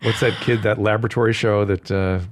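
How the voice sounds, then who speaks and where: A man's voice: on the low side, steady tone, a little fast, slight background noise. An older man hosting a podcast in casual chat, musing aloud with jokey asides. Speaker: podcast host.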